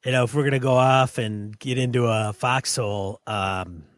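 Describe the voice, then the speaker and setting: A man's voice: medium pitch, fairly even intonation, moderate pace, dry recording. A man co-hosting a gaming podcast, talking bluntly and plainly as he chats and reads listener mail aloud. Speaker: podcast co-host. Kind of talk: casual podcast chat and reading listener mail.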